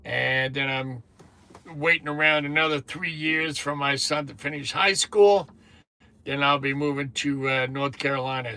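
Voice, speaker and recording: Chatty fifties man with a bright voice. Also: mid-range voice, fairly even intonation, measured pace. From New Jersey. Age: 50s. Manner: chatty, greets viewers by name, swears casually. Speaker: truck driver livestream host. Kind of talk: casual live chat. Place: truck cab on lunch break.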